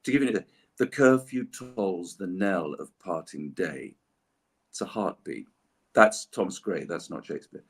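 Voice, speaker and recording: A man's voice: low-pitched, expressive, unhurried, slightly rough. An Englishman chatting playfully while signing autographs, with a theatrical, explanatory manner. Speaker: voice actor signing autographs on a livestream. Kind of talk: casual chat while signing. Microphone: livestream setup.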